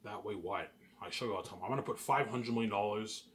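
A man's voice: lowish voice, fast, slight background noise. A young man from Canada talking in a rambling, repetitive casual monologue to his viewers, boasting about his plans. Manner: repetitive, restarts phrases, boastful daydreaming. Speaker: vlogger.

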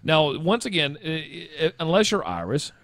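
A man's voice: a little high, sing-song, moderate pace, a crowd in the background. A man hosting a podcast, chatting casually and stumbling over his words as he rambles through facts and laughs along. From United States. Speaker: podcast host. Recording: faint music underneath.

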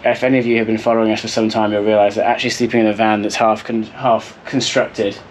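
A man's voice: on the low side, level tone, fast talker, slight background noise. An English man narrating a casual vlog as he works, chatty and full of ums and likes. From England. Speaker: vlogger.

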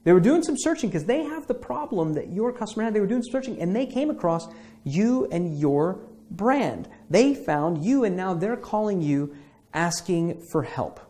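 A man's voice: high-pitched, very animated, moderate pace, warm tone. Man guiding a marketing visualization. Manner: conversational, checks in with repeated "okay?" and acts out imagined callers. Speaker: marketing instructor. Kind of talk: guided visualization lesson.

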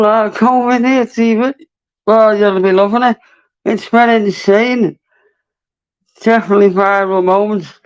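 Field: excitable high-voiced man hosting a live stream. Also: smooth. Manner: excitable, laughing, swearing. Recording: dull lo-fi stream audio.

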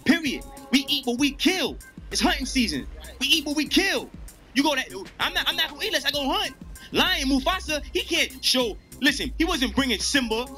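A man's voice: extremely high pitch, lively intonation, brisk, bright, forceful tone, faint music behind. A man in his twenties giving a raw, blunt street speech to young people, cursing as he goes, then rapping his life story. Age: 20s. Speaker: speaker at a youth community gathering. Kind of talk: impassioned street speech and spoken-word rap.

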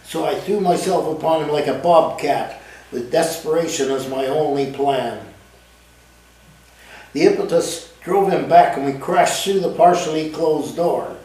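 A man reading aloud from his own novel in the first person, with lively, dramatic storytelling at a café event. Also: on the high side, a little slow. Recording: echoey room, mic at a distance.

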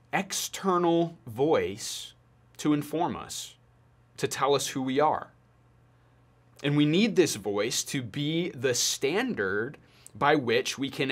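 A young man delivers a sermon to students, his voice sitting at an ordinary middle pitch. He talks slowly and deliberately, pausing between phrases to let each point sink in. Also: fairly bright tone, husky. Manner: deliberate, measured delivery with pauses. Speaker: youth pastor.

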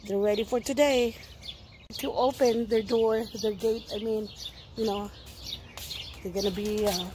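Woman vlogger, slow casual phone-mic talk, fillers, sweet to her chickens, music playing behind. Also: medium pitch. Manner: chatty, hesitant, talks sweetly to her hens. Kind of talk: casual vlog commentary. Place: home backyard, outdoors.

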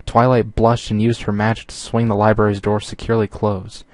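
Low-voiced man reading fan fiction with dry asides. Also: flat delivery, fairly quick, darkish tone, no echo. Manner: exasperated asides, sighs and laughs.

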